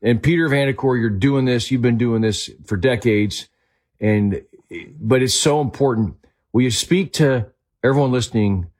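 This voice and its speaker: Raspy male host, earnest and animated, interview setting. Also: medium pitch, moderate pace. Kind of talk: talk show interview.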